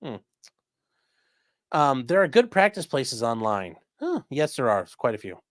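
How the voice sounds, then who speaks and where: A man's voice: medium pitch, sing-song, measured pace, no echo, studio quality. Chatty man reading livestream chat. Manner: chatty, rambling, reads viewer comments aloud.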